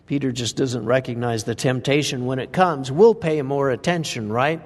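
A man of medium pitch and ordinary speaking speed delivers a conversational sermon in a church sanctuary. He reads scripture and keeps asking rhetorical questions, all captured with reverberant hall acoustics.

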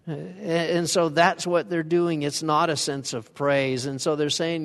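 A man's voice: a little high, little pitch movement, measured pace, vocal fry, few pauses. Conversational male preacher in a reverberant church. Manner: conversational, asks the congregation questions. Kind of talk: sermon. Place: church sanctuary.

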